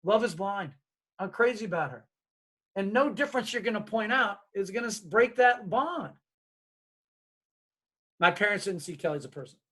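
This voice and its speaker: A man giving a storytelling keynote talk on diversity, lively and acting out his family's voices. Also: high-pitched, moderate pace, pauses often. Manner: animated, acts out his parents' voices. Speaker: diversity speaker.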